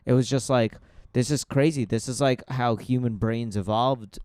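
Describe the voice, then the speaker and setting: A man's voice: mid-range voice, fairly even intonation, moderate pace, a little mellow, no echo. A man co-hosting a podcast, rambling in casual chat with many "like"s. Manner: rambling, hedging with "like". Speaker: podcast co-host.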